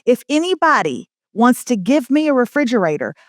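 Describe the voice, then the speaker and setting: A middle-aged woman, co-hosting a casual chat show and telling stories with animated put-on voices. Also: on the high side, a little fast, no echo, clean studio sound. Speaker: podcast co-host.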